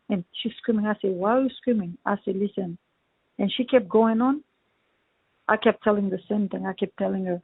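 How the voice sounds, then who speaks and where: Gravelly, husky man on a phone line. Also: high voice, a little fast, no echo. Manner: indignant, repeats himself, acts out quoted arguments. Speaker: landlord. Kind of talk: heated phone conversation. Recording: tinny dry phone line.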